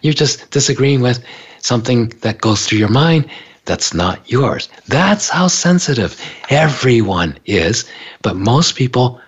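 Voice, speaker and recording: A man with a slightly husky voice talks casually about awareness and sensitivity, and his pitch swings widely as he acts out the inner voices of the people he describes. The recording is dull and lo-fi. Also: very animated, unhurried. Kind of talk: casual spiritual talk. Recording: dull lo-fi sound.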